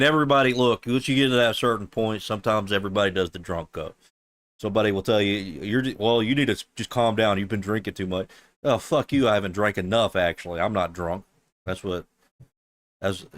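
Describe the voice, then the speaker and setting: Young man, slightly low voice, jokey and laughing in a voice-chat banter. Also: a little fast, fairly bright tone. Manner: joking, laughs often. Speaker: voice chat participant. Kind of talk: casual chat in a voice chat.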